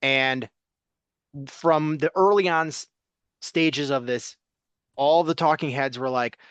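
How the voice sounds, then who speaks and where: A man co-hosting a sports talk podcast, speaking bluntly and casually, listing names in a steady run. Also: on the high side, takes it slowly, long pauses, clean tone, dry recording.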